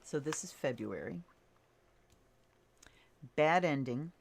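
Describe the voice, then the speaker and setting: A woman reads tarot cards in a relaxed, unhurried voice. Her voice sits low, and she pauses often with fillers as she thinks aloud. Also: creaky, slight background noise. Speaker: tarot reader. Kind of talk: casual tarot reading to camera.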